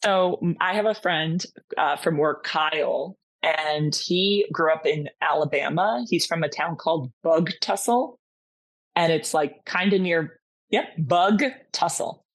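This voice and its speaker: Podcast guest: woman from Massachusetts, lowish voice, lively storyteller who acts out every line. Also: unhurried. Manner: animated storytelling, acting out dialogue. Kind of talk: casual chat.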